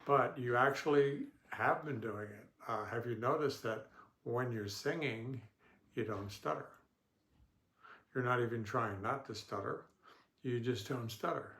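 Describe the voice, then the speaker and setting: A man speaking as a stuttering therapist, giving a calm instructional talk in slow, deliberate phrases with pauses and the odd throat-clear. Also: mid-range voice. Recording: echoey room.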